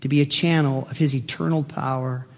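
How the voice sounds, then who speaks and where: A man's voice: mid-range voice, steady tone, fairly quick, in a large hall. A man preaching as a pastor, emphatic and building with enthusiasm. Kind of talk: sermon.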